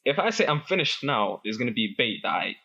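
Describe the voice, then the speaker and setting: A young man telling a school story in casual chat, animated, with lots of restarts and laughter. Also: mid-range voice, a little fast, gravelly, slightly rough, dull audio. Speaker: guest.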